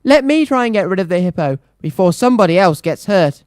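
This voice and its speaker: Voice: medium pitch, expressive, fairly quick, darkish tone, clear, resonant tone, no echo, studio quality, close to an everyday voice. A storyteller on children's radio voicing a kind, patient old monk who speaks mildly and sighs. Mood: gentle. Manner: mild, pleading, sighing.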